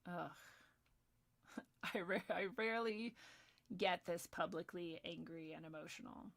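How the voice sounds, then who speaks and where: A woman's voice: fairly low pitch, a little slow. Heated, foul-mouthed woman ranting. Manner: profane, heated, swings between ranting and soft asides. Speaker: video commentator. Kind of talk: angry personal commentary.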